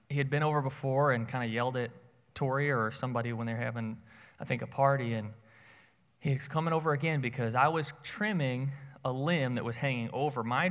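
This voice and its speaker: Casting note: man preaching, conversational storyteller, mid pitch, long hall reverb. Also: a bit bright. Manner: conversational, repeats words at starts of phrases. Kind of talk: sermon with personal story.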